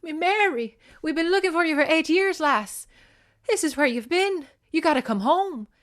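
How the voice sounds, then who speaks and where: A huge sobbing Irish father, begging his lost daughter to come home, his voice pitched way up and loud with emotion, as a woman puts him on while retelling a story. He sounds overwhelmed and clingy. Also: animated, moderate pace. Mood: pleading. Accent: Irish, put on. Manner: loud, high, pleading. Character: big weepy Irish father, adult man.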